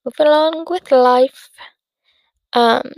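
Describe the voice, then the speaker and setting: A yawning, tired eighteen-year-old hosts her solo podcast in a high-pitched, slow voice with vocal fry and a darkish tone. She chats casually and rambles, piling on fillers and interrupting herself. No echo is present.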